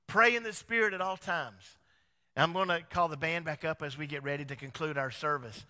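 Male pastor, sermon delivery, bright voice, long hall reverb. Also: fairly high pitch, fairly quick. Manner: animated preaching with rhetorical questions.

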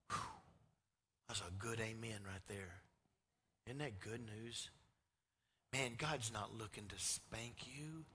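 A man from Georgia, preaching a storytelling sermon and swinging from loud to hushed. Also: fairly low pitch, takes it slowly, long pauses, in a large hall, slight background noise. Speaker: pastor. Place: church sanctuary.

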